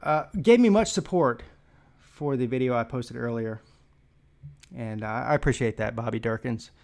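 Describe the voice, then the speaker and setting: A man's voice: mid-range voice, moderate pace, creaky, a little mellow. A man hosting a casual sports live stream, out of breath, rambling and joking with many fillers. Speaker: sports vlog host.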